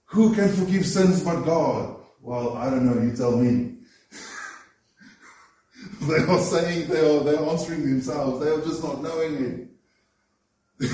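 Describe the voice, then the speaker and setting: A man's voice: a little high, unhurried, long pauses, dark tone, a little hiss or hum. A man preaching a sermon, earnest and emphatic, often repeating words as he builds a point. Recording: roomy echo, voice from far off the mic.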